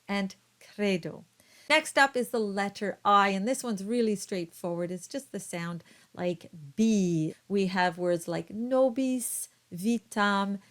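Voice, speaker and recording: Woman, choir diction teacher, unhurried pace, careful vowel demonstrations, mid-pitched voice. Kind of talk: instructional explanation with sung-like example words.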